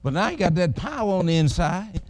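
A middle-aged man preaching a sermon, telling folksy stories in an animated way. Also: high voice, fairly quick.

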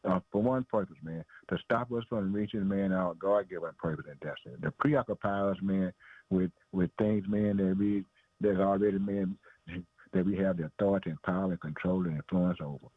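A man with a low, slightly rough voice preaches informally at a fairly quick clip. His loose, conversational, repetitive sermon keeps calling the listener "man" and "boy." The audio is dry with no room sound and a thin phone-line quality.

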